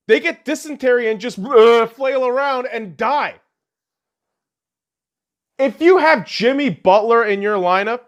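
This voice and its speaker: A man hosting a podcast, delivering a profane, heckling sports rant in a casual, animated way. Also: a little high. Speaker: podcast host.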